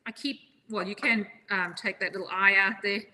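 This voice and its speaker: A woman's voice: medium pitch, steady tone, normal speed, bright, forceful tone. A woman chef giving a chatty, upbeat live knife-skills demonstration, joking at her own expense as she goes. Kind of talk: live cooking demo.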